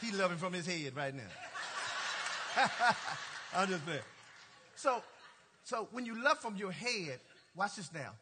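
A male pastor telling a story from the pulpit in an animated, playful way, laughing and talking straight to the congregation. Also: high-pitched, unhurried, long pauses, background noise. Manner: colloquial, drawling "y'all" and "ain't". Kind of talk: storytelling sermon.

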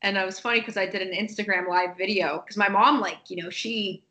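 A woman telling a personal story in a casual interview, animated and acting out other people's lines. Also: medium pitch, a little fast, poor audio. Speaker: guest.

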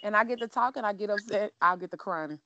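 A middle-aged woman co-hosting a casual chat, telling stories in an emotional, animated way. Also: medium pitch, quick pace, no room sound, dull audio. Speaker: co-host.

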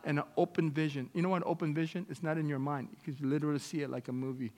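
A male pastor from Canada whose first language is not English, preaching a sermon with personal testimony. He swings between loud exclamations and hushed storytelling. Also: fairly high pitch, little pitch movement, racing, big-room sound.

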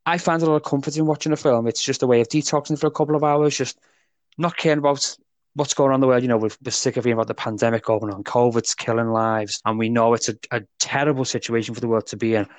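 A young man hosts a casual podcast chat, rambling warmly through restarts and laughs. His voice sits at a middle pitch. The sound is dry and close, with no room echo. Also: steady tone, fast talker. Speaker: podcast co-host.

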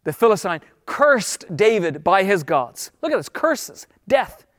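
A man preaching a sermon as pastor, emphatic, slowing down on key words and then rushing ahead. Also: high voice, sing-song, fairly bright tone, dry recording, studio quality, long reverb tail. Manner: emphatic preaching, shifting between slow stress and quick bursts.

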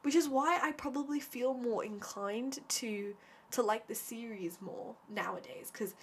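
A woman's voice: a little high, a little slow, husky. Chatty young woman reviewing a show. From Britain. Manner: enthusiastic, chatty, heavy use of "like" and "um". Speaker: vlogger reviewing a TV series. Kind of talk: casual spoken review.

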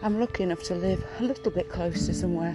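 Middle-aged woman host, soft-pitched, chatty and encouraging, breathless after a run, over a music bed. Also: fast, rough recording. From Peak District, England. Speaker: podcast host. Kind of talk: casual outdoor podcast talk. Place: small wood outdoors, birds around, distant traffic.

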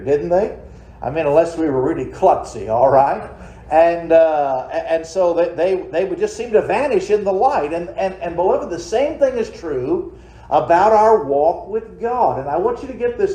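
A man's voice: a little high, dark tone. A man preaching a midweek sermon in a folksy, conversational way, full of rhetorical questions to the congregation. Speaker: pastor. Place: church sanctuary. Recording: roomy church echo.

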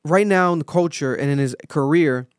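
A male podcast host in casual chat, telling a story with lively acted-out quotes and plenty of swearing. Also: a little high, moderate pace, smooth, no echo, clean studio sound. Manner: animated storytelling, acts out quotes, swears freely.

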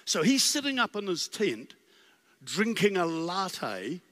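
High, animated male preacher in a hall. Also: takes it slowly. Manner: animated, storytelling with acted voices; stammering restarts, rhetorical questions. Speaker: guest preacher. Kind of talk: sermon. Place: church sanctuary. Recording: long reverb in a large hall.

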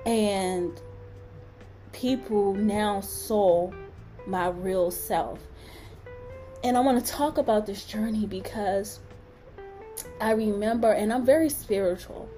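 A woman hosts her own podcast and talks casually about her life. Her pitch jumps around as she plays out little scenes and asides. Faint music runs under her voice. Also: takes it slowly, pauses often. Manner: animated storytelling with playful asides and laughs. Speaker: podcast host. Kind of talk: casual personal podcast talk.

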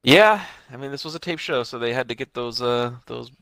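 A young man recounts wrestling anecdotes in loose podcast chat, acting out the quotes and cursing casually. His voice has a bright, forward edge. The sound is close and dry. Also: medium pitch, lively intonation, brisk, dry recording. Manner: storytelling, profane, acts out quotes.

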